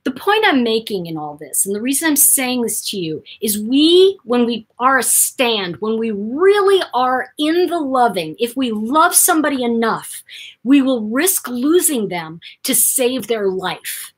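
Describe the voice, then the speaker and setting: A woman hosting her own channel, telling a personal story to camera in an animated way, jumping between loud bursts and near-whispers. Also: fairly high pitch, unhurried, husky. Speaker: host.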